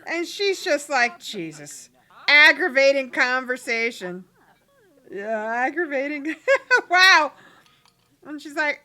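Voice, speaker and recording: A woman with a bright, high voice hosts a casual let's play, her pitch swinging widely as she narrates. She acts out her characters' squabbles in quoted snippets and laughs often. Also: sing-song, slow. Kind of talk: casual gameplay commentary.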